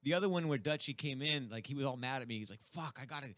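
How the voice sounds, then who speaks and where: A man hosting a radio show in a studio, chatting casually and excitedly, swearing constantly. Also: medium pitch, rapid-fire, no room sound.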